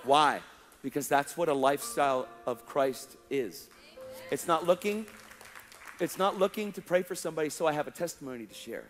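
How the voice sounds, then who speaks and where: A male preacher telling a testimony story in an animated way, acting out the dialogue and laughing along, in a large hall. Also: a little high, moderate pace. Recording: long hall reverb, faint music.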